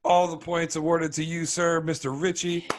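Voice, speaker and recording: A man hosting a casual podcast quiz game, firing off quick questions and laughing often. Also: a little high, little pitch movement, background noise.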